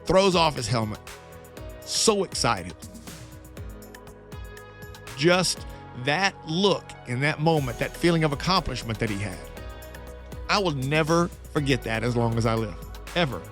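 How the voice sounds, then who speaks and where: Middle-aged radio host telling a story. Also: male voice, mid-range voice, a little slow, pauses often, soft background music. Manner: storytelling, animated and self-joking. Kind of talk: casual monologue.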